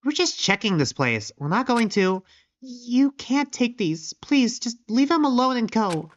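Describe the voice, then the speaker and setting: A man's voice: high-pitched, huge pitch swings, a bit bright, highs cut off, voice pushed up, exaggerated voice. A man voicing a timid, nervous young mare dressmaker, speaking shyly with a slight stammer. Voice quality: shy halting voice with slight stammer.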